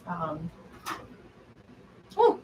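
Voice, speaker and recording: A woman's voice: on the low side, huge pitch swings, drawn-out words, muffled recording, slight background noise. A woman hosting a cooking livestream from her home kitchen, chatting casually in a rambling way as she moves around, with cooking sounds behind her. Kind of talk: casual chat while cooking.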